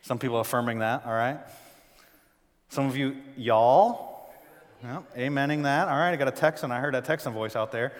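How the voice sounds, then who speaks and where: A man from the northern United States preaching a sermon to a live congregation in a church, animated, with big swings in pitch and loudness and joking asides. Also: fast talker. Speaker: pastor. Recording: long hall reverb.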